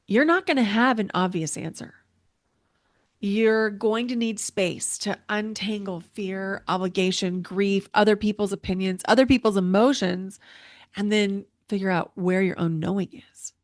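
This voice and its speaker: A woman's voice: mid-range voice, dry recording, clean studio sound. A middle-aged woman hosting her podcast, speaking in an earnest, emotional monologue and repeating herself for emphasis. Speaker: podcast host and intuitive coach. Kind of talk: personal reflective monologue.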